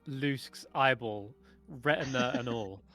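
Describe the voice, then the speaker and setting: A man narrating as game master of a tabletop game, relaxed and hesitant with many fillers. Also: medium pitch, slow pace, faint music behind.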